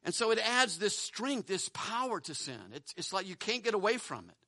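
A man's voice: sits high, sing-song, normal speed, pushed and bright, no echo. Male pastor, earnest sermon delivery, repeats words, close and dry sound. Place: church building.

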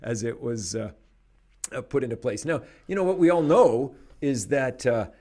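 Casual guy chatting, animated and opinionated, voice jumps around a lot, laughs a bunch. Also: medium pitch, normal speed. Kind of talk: casual conversation.

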